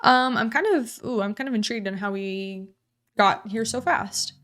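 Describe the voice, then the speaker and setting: A woman's voice: fairly high pitch, moderate pace, a bit bright. A young woman casually commenting on a horror visual novel, chatty and full of slang. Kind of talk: let's play commentary and reading aloud.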